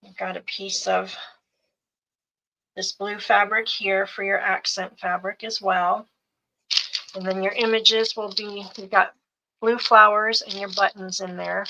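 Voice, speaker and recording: A middle-aged woman walks through craft bundles one item at a time, in no hurry. Her voice is bright and forward, and she lists each piece with a soft, unhurried cadence. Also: mid-range voice, little pitch movement, poor audio. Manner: unhurried, listing items one by one. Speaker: seller showing craft bundles. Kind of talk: slow live sales show-and-tell.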